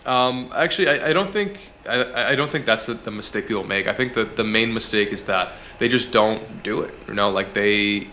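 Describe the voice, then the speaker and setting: A man speaks as an interview guest over a video call, giving blunt, direct advice. His voice sits low but sounds bright and forceful. A faint room noise stays underneath. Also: normal speed, few pauses. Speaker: guest, content strategist. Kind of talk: casual interview chat.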